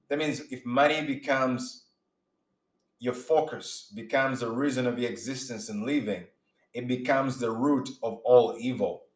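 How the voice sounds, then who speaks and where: A man's voice: mid-range voice, normal speed. Earnest preaching man in a roomy space. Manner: earnest, emphatic, with frequent restarts and acted-out examples. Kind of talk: informal preaching monologue. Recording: roomy echo.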